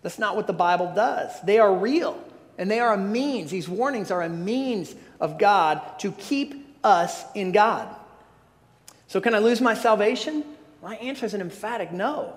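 A man's voice: high-pitched, expressive, normal speed. A pastor preaching a sermon, earnest and emphatic, often restarting his phrases. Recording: long hall reverb.

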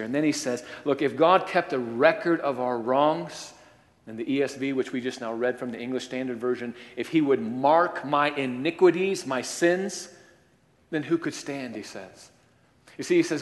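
A man's voice: medium pitch, moderate pace. A man preaching a sermon, earnest and emphatic, calling his listeners friends as he explains scripture. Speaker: pastor. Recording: long hall reverb.

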